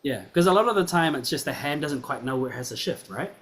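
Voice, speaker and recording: A man's voice: a little high, expressive, fast talker, fairly bright tone. A man teaching piano, giving a student encouraging feedback in a performance class and often checking that he is understood.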